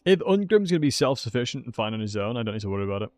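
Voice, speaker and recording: A man giving casual, excitable commentary while streaming a strategy game and talking to his chat. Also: mid-range voice, rapid-fire, no room sound. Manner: chatty, excitable, talks to chat.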